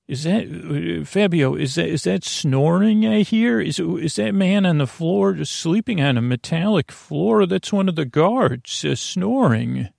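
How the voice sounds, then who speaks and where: Brief: man doing a sleepy, fussy socialite prisoner, gravelly and slow for a bedtime story. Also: on the high side, animated, darkish tone, no echo, studio quality, voice pushed up, exaggerated voice. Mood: drowsy fussing. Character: drowsy pampered socialite woman prisoner.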